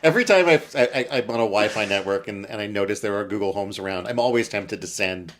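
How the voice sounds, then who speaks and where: A man chatting casually as a guest, making quick, laughing asides into a handheld mic. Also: lowish voice, fairly bright tone, a little hiss or hum. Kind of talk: casual chat.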